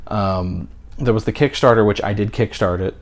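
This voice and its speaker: A man's voice: lowish voice, normal speed. A man in his thirties co-hosting a podcast in casual chat, rambling with many fillers and restarts. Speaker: podcast co-host.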